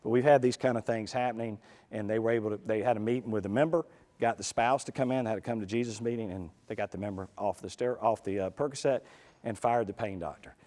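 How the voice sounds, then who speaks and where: Animated man in a conference hall. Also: fairly low pitch. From United States. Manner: animated, folksy, rapid asides to the audience. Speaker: conference speaker. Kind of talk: live conference talk. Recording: reverberant hall.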